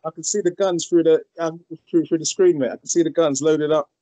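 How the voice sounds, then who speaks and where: A man's voice: a little high, fairly even intonation, brisk, mellow, no echo, poor audio. A British man interviewing a guest over a video call, asking hesitant, repeated questions.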